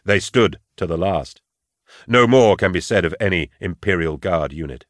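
A man reading first-person audiobook narration in a grave, measured and sombre manner into a close studio mic. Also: sits low, fairly bright tone, dry recording.

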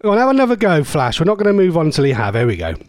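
A man's voice: a little high, wildly swooping pitch, very fast, background noise. A man from Norfolk with a Norfolk accent, hosting a radio show in a playful, teasing chat that coaxes listeners. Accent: Norfolk English. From Norfolk, England. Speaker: radio host.

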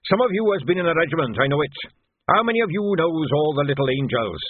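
A man playing a gruff, loud old army sergeant. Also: fairly high pitch, very animated, quick pace, dry recording, pitched above the performer's own voice. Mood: bellowing. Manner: rough barked commands, ungrammatical speech. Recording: tinny phone-like band.

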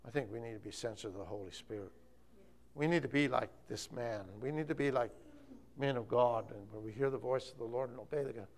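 A man's voice: mid-range voice, fast talker, a little hiss or hum. A man preaching an informal sermon, rambling and often correcting himself. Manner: rambling, self-correcting, chatty.

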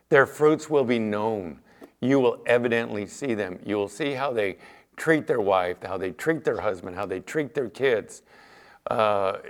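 Chatty storytelling pastor, man. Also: medium pitch. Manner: chatty storyteller, acts out quoted exchanges, fillers like "you know". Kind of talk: conversational sermon with anecdotes.

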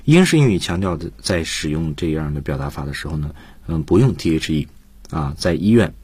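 A man teaching English on a radio lesson, explaining points in a calm, explanatory way. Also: very deep voice, fairly quick, breathy edge, no room sound. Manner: explanatory, switches between Chinese and English.

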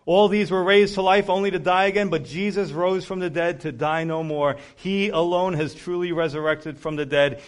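Earnest man preaching an urgent sermon. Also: on the high side.

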